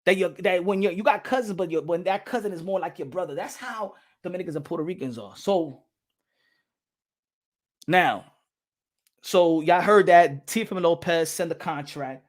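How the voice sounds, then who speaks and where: A man talks straight to his viewers in a loose, animated vlog rant. He hammers his points by repeating phrases and breaks into laughter between them. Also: a little high. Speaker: boxing channel host. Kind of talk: casual vlog commentary.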